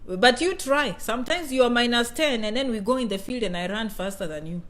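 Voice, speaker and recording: A woman's voice: on the high side, animated, fairly quick. A woman in her thirties from Kenya, hosting a casual live-stream chat with viewers, talkative and playful, often repeating phrases.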